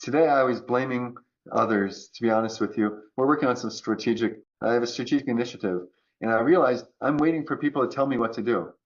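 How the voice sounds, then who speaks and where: A man talking as a podcast guest about choice and resilience, acting out quoted voices in an animated way. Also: medium pitch, quick pace, muffled recording. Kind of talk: conversational coaching talk.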